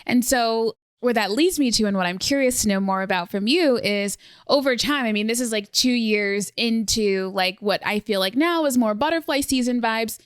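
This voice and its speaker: A young woman hosting a podcast in casual conversation, lively and fond of acting out what others said to her. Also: a little high, moderate pace, hardly any pauses, smooth, no room sound, studio quality. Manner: animated, acts out quoted exchanges. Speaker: podcast host. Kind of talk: casual interview chat.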